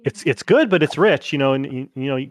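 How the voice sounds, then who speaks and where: A man's voice: mid-range voice, animated, brisk, no echo, studio quality. A man narrating as game master of a tabletop horror game, rambling with many fillers and restarts.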